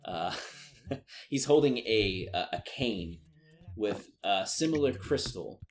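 Slow, low-voiced male game master. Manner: relaxed, laughs often, many fillers. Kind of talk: narrating a tabletop game.

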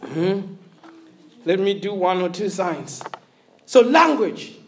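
A woman from Africa preaching a sermon, animated and laughing, often asking the congregation if they follow her. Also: mid-range voice, takes it slowly, echoey room.

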